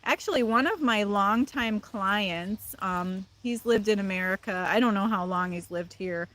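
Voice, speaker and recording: A chatty woman with a Midwestern accent hosts a casual livestream. Her pitch sits in a middle range, neither high nor low. She reads viewer comments and answers them with easy laughter. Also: unhurried, a bit bright. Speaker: livestream host. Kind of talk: casual live chat with viewers.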